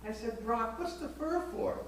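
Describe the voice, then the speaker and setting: A man's voice: very high voice, normal speed. A man performing a bawdy aging woman in a live vaudeville comedy monologue, teasing the audience between punchlines. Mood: sly. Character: bawdy aging woman telling racy stories. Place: small theater stage. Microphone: far camera in the house. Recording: echoey hall from far off, noisy. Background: audience laughter.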